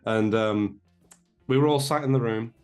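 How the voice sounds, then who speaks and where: A man's voice: fairly low pitch, normal speed, smooth, soft background music. A young English man, a guest on a remote call, telling a self-deprecating story in a rambling way, with many fillers and restarts. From England. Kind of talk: casual storytelling.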